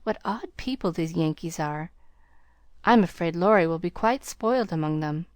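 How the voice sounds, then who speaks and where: A haughty young lady speaking with cool condescension, as a woman reads her aloud in an audiobook. The voice rides a little higher than the narration, and the sound is dry and close. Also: lively intonation, moderate pace, no room sound, natural voice. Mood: condescending. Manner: condescending, aloof.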